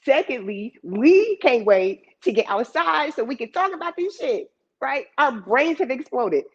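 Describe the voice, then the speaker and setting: A woman telling a personal story to a live audience in a lively, conversational way, heard in a dull lo-fi recording. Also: high voice, measured pace, breathy edge. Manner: lively, conversational, with laughs and asides. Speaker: storyteller and emcee.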